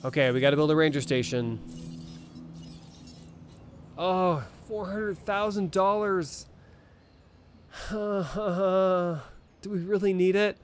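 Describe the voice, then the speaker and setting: A man's voice: sits high, slow pace, pauses often, a little hiss or hum. A young man streaming a video game live, chatting with viewers and reading game text aloud as he plays. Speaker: gaming streamer. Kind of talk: live let's play commentary.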